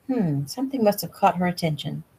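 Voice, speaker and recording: A woman's voice: fairly low pitch, lively intonation, fairly quick, creaky, warm tone, husky, heavily acted. A woman reading the lines of a confident, slightly haughty young businesswoman, in a casual audiobook reading at home. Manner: plain read dialogue. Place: home room.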